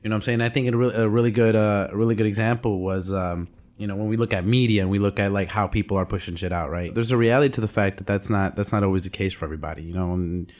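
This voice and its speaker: Animated young man telling stories. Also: lowish voice, rapid-fire. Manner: animated storyteller, acts out quotes. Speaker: podcast co-host. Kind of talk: casual chat.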